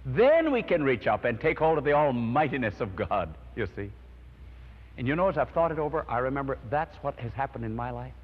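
A man's voice: mid-range voice, big pitch swings, a little fast. A man preaching a sermon, telling his own testimony in an earnest storytelling way and praying. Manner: earnest storytelling, swelling with emotion. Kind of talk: sermon with personal testimony and prayer. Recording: dull lo-fi recording in long-reverb hall.

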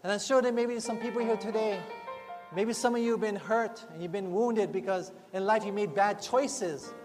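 A man's voice: high-pitched, moderate pace. A man preaching a sermon in a church, earnest and conversational, often adding rhetorical asides to the congregation. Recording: long hall reverb, faint music behind.

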